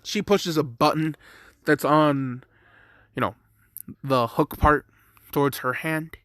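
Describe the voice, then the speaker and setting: A man's voice: fairly high pitch, steady tone, takes it slowly, fairly bright tone, no echo, clean studio sound. A man casually narrating a fan-made story, rambling, correcting himself, and swearing freely.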